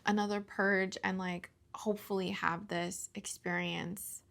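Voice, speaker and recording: A woman in her thirties talks through a personal confessional vlog, halting and full of fillers, close to tears. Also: medium pitch, level tone, gravelly, a bit bright. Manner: halting, full of fillers and restarts, tearful at times. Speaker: vlogger.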